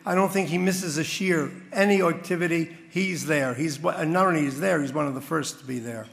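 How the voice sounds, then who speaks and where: A man's voice: a little high, fairly quick, gravelly, a bit bright, in a large hall. A man speaking as master of ceremonies at a community dinner, telling stories and rousing the crowd. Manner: storytelling with crowd-rousing build-ups. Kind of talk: after-dinner speech.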